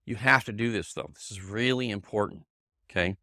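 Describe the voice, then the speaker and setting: Man, middle-aged, sales team leader, motivational training, bright forceful voice, emphatic and repetitive, dry close sound. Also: on the low side, brisk, no room sound. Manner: emphatic, repeats himself, checks in with "okay?" and "right?"; addresses colleagues in the room by name. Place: meeting room with a live audience.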